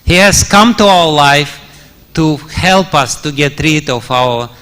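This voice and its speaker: A man's voice: fairly high pitch, lively intonation, slow pace, bright, forceful tone. Chuckling male preacher in a temple hall. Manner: chuckles often, many fillers. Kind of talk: storytelling sermon.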